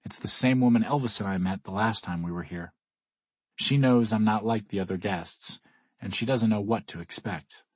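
Low, husky male audiobook narrator. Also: dry recording. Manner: measured, wry, first-person.

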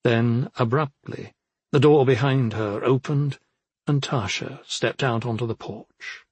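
Reading an audiobook a little slowly, a man keeps his narration steady and even. His voice is medium-pitched and slightly husky, captured in a dry, close recording with no room echo.

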